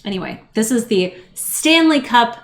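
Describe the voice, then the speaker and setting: A woman's voice: a little high, expressive, measured pace. A middle-aged woman hosting a podcast, chatting casually and wryly, rambling with asides. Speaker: podcast host. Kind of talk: casual chat.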